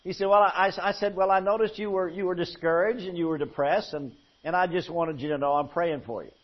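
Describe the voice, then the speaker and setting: A male pastor telling a folksy story in a sermon, swinging from hushed to loud. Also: high voice, fairly quick. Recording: muffled lo-fi sermon recording.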